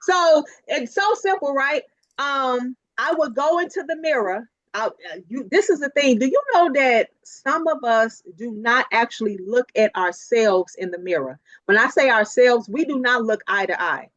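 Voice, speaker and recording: A woman with a fairly high voice gives a motivational talk, lively and quick to laugh, repeating her points for emphasis. The sound is dry and a little dull, like video call audio. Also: no room sound. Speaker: keynote speaker.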